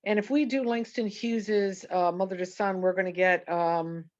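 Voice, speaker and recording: A woman's voice: mid-range voice, steady tone, moderate pace, darkish tone, highs cut off. A woman teaching an online poetry lesson, rambling and correcting herself with many fillers. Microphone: video call.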